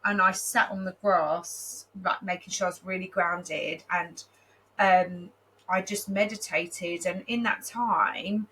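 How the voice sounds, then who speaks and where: A woman's voice: lowish voice, steady tone, takes it slowly, pushed and bright, slight background noise, poor audio. A woman in her thirties co-hosting a podcast, chatting in an effusive, heartfelt way. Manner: chatty, effusive, gets emotional and laughs. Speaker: podcast co-host. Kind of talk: casual chat.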